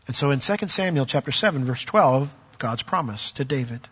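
Husky bright-voiced pastor preaching, acts out stories, dull echoey hall recording. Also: male voice, medium pitch, brisk, few pauses. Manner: animated storytelling, acts out voices. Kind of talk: sermon.

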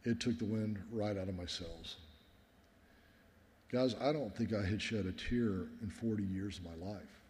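Brief: middle-aged man, pastor preaching, earnest and personal, lowish voice, long reverb of a hall. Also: a little slow, darkish tone. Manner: earnest, personal, often addresses listeners as guys. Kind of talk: sermon storytelling.

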